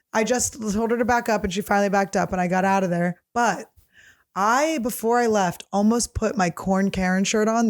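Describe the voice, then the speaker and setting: A woman hosting a comedy podcast, telling a brash, joking story in a ranting way. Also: mid-range voice. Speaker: podcast host.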